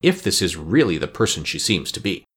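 A man's voice: low voice, big pitch swings, fairly quick, fairly bright tone, slightly rough, heavily acted. A man voicing a stately good sorceress in a storybook, commanding and stern.

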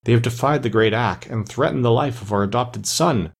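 A man with a husky voice voicing a beautiful immortal queen who speaks with solemn determination. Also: medium pitch, fairly quick. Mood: determined.

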